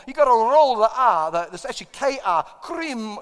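A man preaching a sermon, an animated storyteller who acts out his own lines. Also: extremely high pitch, a little fast, clean tone, in a large hall. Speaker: pastor.

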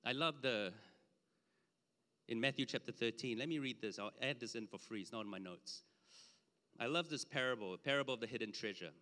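A man preaching a conversational sermon with slides, emphatic at times and dropping low for asides. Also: fairly quick, long pauses, sharp tone. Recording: long hall reverb.

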